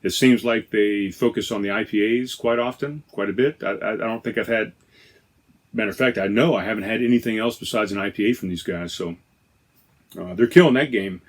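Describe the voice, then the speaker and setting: A man with a lowish voice hosts a laid-back podcast from inside a trailer. He talks in a loose, chatty way, often stopping to correct himself mid-sentence. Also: a little fast. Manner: rambling, self-correcting, chatty. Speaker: podcast host. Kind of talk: casual beer-tasting chat.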